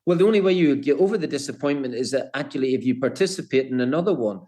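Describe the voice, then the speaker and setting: An older man and former footballer, recalling old matches in a halting, restart-filled way. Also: mid-range voice, lively intonation. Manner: hesitant, many restarts, warm storytelling. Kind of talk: reminiscing interview.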